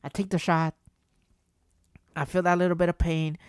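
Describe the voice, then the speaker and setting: A man's voice: fairly high pitch, moderate pace, clean tone, no room sound. A man tells a story casually and loosely, stumbling over his words and restarting them. His voice sounds dry and close, with no room around it. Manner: rambling, animated, swears, repeats and restarts. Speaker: vlogger.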